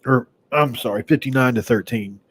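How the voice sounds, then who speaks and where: A man's voice: medium pitch, normal speed, fairly bright tone, breathy edge. A man from West Virginia hosting a casual sports podcast, rambling conversationally with sighs and restarts. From Mingo County, West Virginia, USA.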